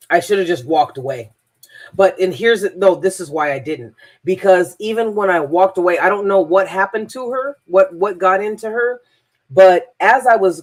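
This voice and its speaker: A transformational coach telling a personal story in a rambling, emphatic monologue, often repeating words. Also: mid-range voice.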